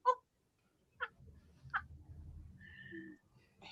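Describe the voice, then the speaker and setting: A woman's voice: drawn-out words, bright, forceful tone, low-quality recording. A woman hosting a casual live-stream chat, greeting viewers by name and laughing often. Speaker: podcast host reading live chat.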